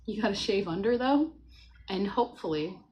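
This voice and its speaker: A chatty woman hosts a relaxed morning livestream, talking in a playful, easygoing way and greeting viewers one by one. Her voice sits at a middle pitch. A faint hiss runs under the recording. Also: moderate pace, highs cut off. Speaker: livestream host. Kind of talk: casual morning livestream chat.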